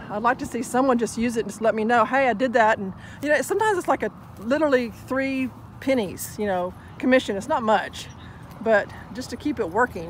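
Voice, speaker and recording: A woman chatting casually to the camera at an outdoor dog park. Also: a little hiss or hum. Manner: chatty, praises her dogs in a high sing-song. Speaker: dog vlogger. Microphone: action camera.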